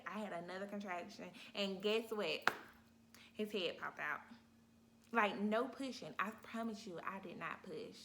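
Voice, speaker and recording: Woman vlogger, casual animated storyteller, middle-pitched voice, faint noise behind, talks straight to camera. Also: measured pace. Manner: animated, talks straight to viewers, acts out her own cries. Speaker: vlogger telling her birth story.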